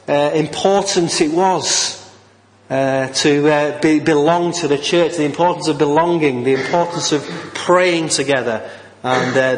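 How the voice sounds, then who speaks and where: A man's voice: fairly high pitch, big-room sound, a little hiss or hum, rough recording. A man preaching a sermon as a Baptist minister, talking in a hesitant way with many fillers and restarts. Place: church.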